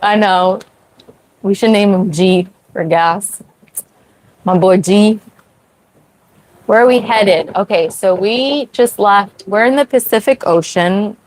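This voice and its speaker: Slow-talking young woman chatting from a sailboat. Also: mid-range voice, low-quality recording. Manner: chatty, laughs often, many "like" fillers. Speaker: sailing livestream host. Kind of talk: casual livestream chat with viewers. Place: sailboat at sea.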